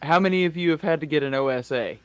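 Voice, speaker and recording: A man with a fairly high voice steers a casual podcast panel, asking questions and tossing off dry jokes. The recording is close and dry, with no room echo. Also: quick pace, a bit bright, clean tone. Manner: dry jokey quips, asks the panel questions.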